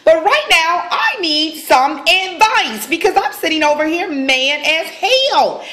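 A woman vlogger telling a profane comic story straight to her phone camera on a tripod, brash and animated. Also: very high-pitched, takes it slowly. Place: at home, indoors.

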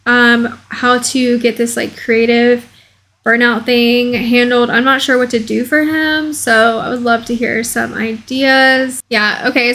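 A woman's voice: fairly high pitch, sharp tone, poor audio. A woman hosting a casual let's play video, commentating in a bubbly, gushing way.

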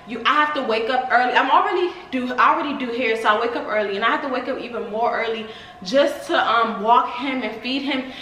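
A young woman chatting casually to her viewers in a home vlog, excitable and talkative, often saying y'all. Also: a little high, echoey room, slight background noise, rough recording. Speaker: vlogger.

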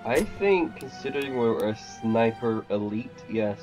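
A man's voice: medium pitch, a little slow, muffled recording, over music. A man co-hosting a game livestream, talking casually and a bit hesitantly. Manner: easygoing, hesitant with fillers. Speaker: stream co-host. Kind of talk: casual gaming stream chat.

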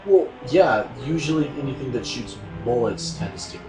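A man's voice: medium pitch, expressive, normal speed. A man joking along casually while a friend plays a game. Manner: jokey, puts on squealing enemy voices. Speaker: co-commentator in a let's play. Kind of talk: casual gaming banter. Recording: echoey room, off-mic, game music behind.

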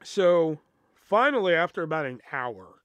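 A man's voice: fairly high pitch, very animated, a little slow, a bit bright, no room sound. A man hosting a podcast, telling a story in a casual, profane way, full of fillers and asides. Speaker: podcast host.

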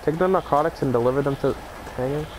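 Playing a game with a friend, a young man chats quickly in a fairly high voice, cracking crude jokes and laughing often. Gunfire and engine sounds from the game play underneath.

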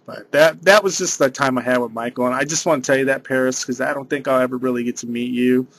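A man's voice: medium pitch, fairly even intonation, fast, fairly bright tone. A man, rambling through a casual vlog monologue and saying "dude" a lot. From San Diego area. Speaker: vlogger.

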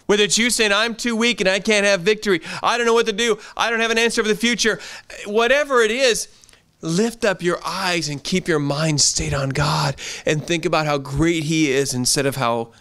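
A man's voice: sits high, steady tone, normal speed, few pauses, a bit bright, smooth. A pastor giving an earnest, conversational sermon in a church, often repeating his phrases.

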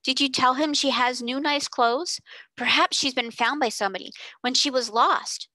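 Woman putting on a boisterous small boy, high, loud, bright, in a storybook reading. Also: normal speed, no echo. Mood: eager. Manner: loud, excited. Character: lively, bossy little boy, Donald.

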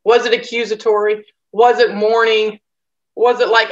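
A woman's voice: fairly high pitch, level tone, moderate pace, muffled recording. Woman teaching a casual Bible lesson. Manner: conversational, acts out quoted voices. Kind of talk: lecture on scripture.

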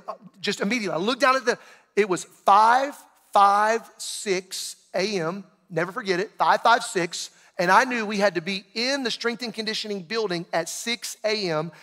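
Middle-aged pastor, lively sermon storyteller with a high voice; echoing auditorium. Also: male voice. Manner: animated storyteller, acting out shouted quotes. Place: large church auditorium. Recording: long hall reverb.

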